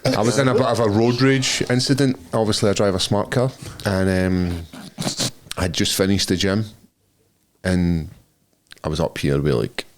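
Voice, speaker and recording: A man's voice: fairly low pitch, normal speed. A young Scottish man co-hosting a podcast, telling stories in casual chat with lots of swearing and laughter. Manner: swearing, laughing, animated storyteller. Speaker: podcast co-host.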